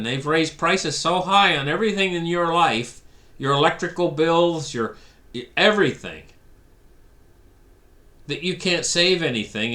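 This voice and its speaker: A man delivering an animated, sarcastic ranting monologue with stories. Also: fairly high pitch. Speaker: commentator.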